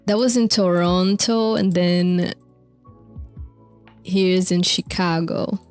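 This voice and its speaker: A woman's voice: fairly low pitch, fairly even intonation, slow, smooth, faint music behind. A young woman streamer casually recapping concert lore, rambling with fillers, swearing and laughing often. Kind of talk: casual chat over video clips.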